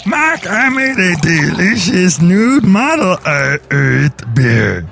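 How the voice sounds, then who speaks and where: Brewmaster: high, gravelly, slow, gleeful oddball. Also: male voice, big pitch swings, a bit bright, soft background music, full character voice. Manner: squeaky, gleeful and drawn out. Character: excitable eccentric root beer brewmaster.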